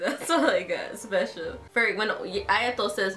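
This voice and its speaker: A young woman hosting a casual let's-play, fangirling over the characters with excitable, crude, profane commentary. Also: mid-range voice, moderate pace, hardly any pauses. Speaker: gaming channel host. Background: game music.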